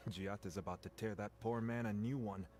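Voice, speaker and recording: A man's voice: on the low side, steady tone, a little fast, over music, close to an everyday voice. A man voicing a wry gossiping townsman. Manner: dry, wry, conversational. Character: gossiping male townsman giving warnings.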